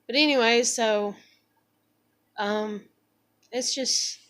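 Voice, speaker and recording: A woman's voice: fairly high pitch, very slow, a bit bright. A woman venting in a blunt, profane, rambling monologue at home, a mother and vlogger.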